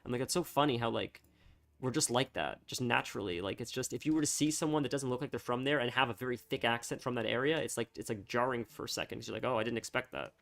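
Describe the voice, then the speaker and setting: A young man chatting casually on a live stream, rambling and halting, full of fillers and restarts. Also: mid-range voice, creaky, a bit bright.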